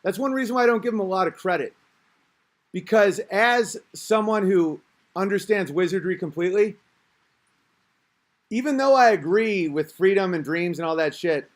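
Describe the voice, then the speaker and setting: A man hosting a podcast, talking in a rambling, crude, self-interrupting casual rant. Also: high voice. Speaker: podcast host.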